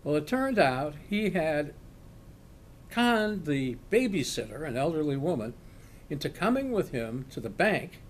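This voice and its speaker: An older man, a retired law professor, slowly telling a personal story and acting out the shouts in it. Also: a little high, slight background noise. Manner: slow, animated storyteller acting out quoted shouts. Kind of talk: oral history storytelling.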